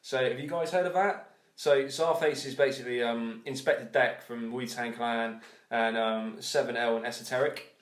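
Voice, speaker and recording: A man hosting a podcast in relaxed casual chat, swearing casually and filling pauses with um. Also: medium pitch. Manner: laid-back, swears casually, hesitant fillers. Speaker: podcast host. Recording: echoey room.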